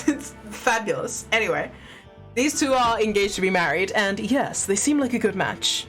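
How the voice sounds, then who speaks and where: Chatty sweary streamer woman, lively voice, music faint behind. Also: medium pitch, normal speed. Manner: sweary, chatty, laughing asides. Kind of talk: casual gaming stream commentary.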